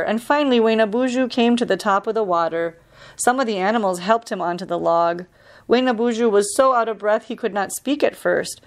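Woman park ranger, children's story reading: calm, steady, clear, mid-pitched.

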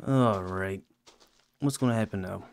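A man hosting a gaming channel, giving casual commentary on a horror game and yelping high when he gets scared. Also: a little slow, vocal fry. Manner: talks to game characters jokingly.

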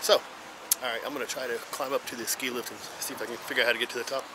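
A man's voice: medium pitch, fairly even intonation, very fast. A man with an American Midwest accent, rambling through a casual travel vlog with fillers, tired and out of breath from walking uphill. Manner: rambling, with fillers and self-corrections. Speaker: travel vlogger. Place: outdoors on town streets and a hilltop. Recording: outdoor street noise with traffic. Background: street and vehicle noise.

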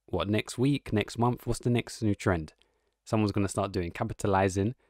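Man, host, casual reaction commentary, rambling, lowish voice, dry sound. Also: moderate pace, darkish tone, no echo. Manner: rambling, amused, musing aloud.

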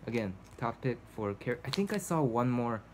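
A man's voice: mid-range voice, big pitch swings, normal speed, slight background noise. A man recording a casual video journal at home, talking to the camera in a rambling, hesitant way, full of fillers and restarts. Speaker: vlogger. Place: cold home indoors.

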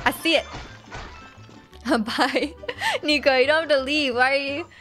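A young Canadian woman live-streams a game, chatting casually with her viewers, reading the chat aloud and giggling often. Her voice is high and sharp-toned, her pace unhurried, with soft music playing behind her.

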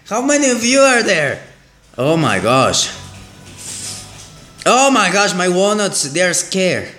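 A man giving excitable let's play commentary as a gaming channel host, exclaiming and repeating himself. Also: sits high, takes it slowly, pauses often, faint music behind. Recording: roomy echo.

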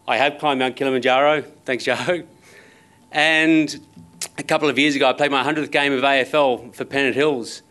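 A fairly high, fairly bright male voice belongs to an Australian motivational speaker in his thirties giving a keynote on a conference stage. He chats through personal stories, poking fun at himself with wry humour.

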